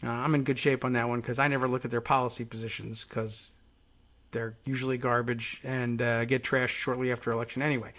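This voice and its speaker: A man's voice: medium pitch, steady tone, fairly quick, sharp tone. A middle-aged male podcast host reading a news article aloud and breaking off into dry muttered asides. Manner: drops to dry muttered asides between read passages.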